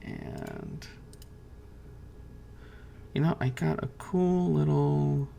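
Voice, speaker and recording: A man's voice: on the high side, steady tone, very slow, gravelly, warm tone. A man running a tabletop game as game master, hesitant with many fillers and restarts.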